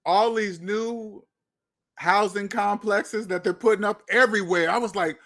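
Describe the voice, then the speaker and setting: A man's voice: high voice, moderate pace, a bit bright. A man giving blunt, lecturing commentary on money and debt, often repeating himself. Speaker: finance commentator. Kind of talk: opinionated video commentary.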